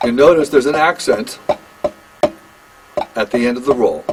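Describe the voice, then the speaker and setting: An older man giving a one-on-one drum lesson, talking in a halting, conversational way and counting beats aloud. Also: mid-range voice, heavy background noise. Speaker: drum teacher.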